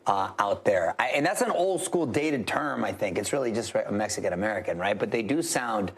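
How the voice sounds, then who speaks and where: Middle-aged chicano guy from socal, relaxed, laughing, dropping spanish bits into casual chat. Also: on the low side, brisk, slightly rough. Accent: Chicano English. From Southern California. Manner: laid-back, laughing, slips into Spanish. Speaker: TV host guest.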